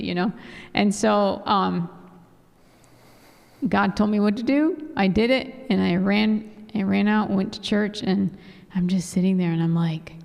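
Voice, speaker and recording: A woman's voice: medium pitch, unhurried, vocal fry, a little mellow. A woman sharing a personal story at a church health talk in a candid, conversational way, joining her husband's talk. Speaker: guest speaker. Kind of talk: sermon-style health talk. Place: church sanctuary. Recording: church hall reverb.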